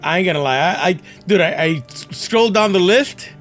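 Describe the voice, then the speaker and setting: Animated man retelling movie scenes. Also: high-pitched, a little fast, faint music behind. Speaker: podcast co-host. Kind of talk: casual chat.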